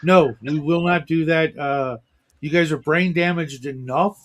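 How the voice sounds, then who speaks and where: A man's voice: a little high, unhurried. A man hosting a casual morning livestream chat, rambling and self-deprecating with lots of fillers. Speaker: livestream host.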